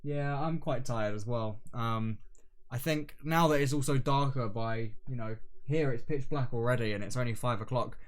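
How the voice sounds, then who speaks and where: A young man co-hosting a podcast in casual chat, animated and playful, sometimes slipping into a sing-song voice. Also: medium pitch, normal speed. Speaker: podcast co-host.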